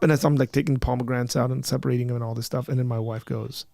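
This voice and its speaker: A man's voice: medium pitch, fairly even intonation, fast, darkish tone, no echo. A man hosting a casual call-in livestream, joking and rambling with frequent restarts. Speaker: livestream host.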